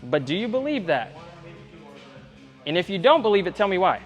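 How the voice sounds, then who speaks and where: A man's voice: high-pitched, very animated, normal speed, soft background music. A man coaching a young athlete one-on-one in a gym, speaking directly and earnestly, often checking whether she believes him. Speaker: tumbling coach.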